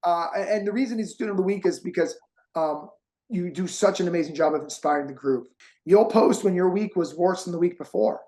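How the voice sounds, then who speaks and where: A man's voice: sits high, fast talker, darkish tone. A man hosting an interview, talking in a heartfelt, encouraging way and getting emotional. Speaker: host and course creator.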